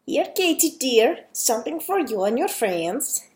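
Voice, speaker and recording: A woman's voice: high voice, very animated, unhurried, a little mellow, pitched above the performer's own voice. A woman voicing a sweet, doting mother in a children's story. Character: warm doting Dutch mother.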